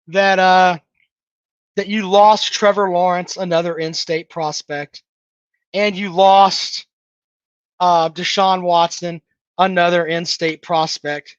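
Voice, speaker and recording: This sports livestream host talks slowly in a high, steady, clean voice while reading viewer comments and bluntly ridiculing them with lots of profanity. His manner is sarcastic and dismissive of callers' takes. There's no echo, and the high frequencies are cut off.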